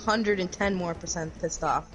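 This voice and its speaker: A woman's voice: fairly low pitch, steady tone, normal speed, a little hiss or hum. A woman in casual gaming voice chat, giving brief and blunt replies. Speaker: gamer in voice chat.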